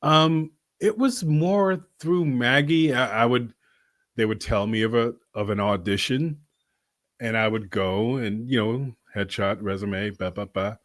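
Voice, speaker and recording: A man's voice: medium pitch, measured pace, fairly bright tone, no room sound, clean studio sound. A man from Boston, an actor guest telling stories in a casual interview, rambling and laughing often.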